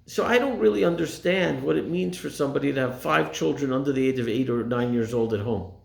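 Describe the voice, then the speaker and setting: Earnest gravelly-voiced rabbi. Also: male voice, medium pitch, quick pace, echoey room. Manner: earnest, emphatic, repeats phrases for stress. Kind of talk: motivational talk to a congregation.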